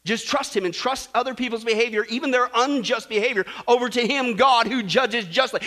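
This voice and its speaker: A man preaching a sermon, animated and jokey, acting out stories and swinging between loud and soft. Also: extremely high pitch, fairly quick, few pauses. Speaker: pastor.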